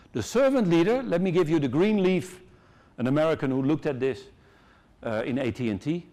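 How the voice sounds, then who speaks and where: Dutch guy on stage, fairly high voice, jokey and lively, acts out little quotes. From Netherlands. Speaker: conference speaker. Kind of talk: conference keynote talk. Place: large conference hall.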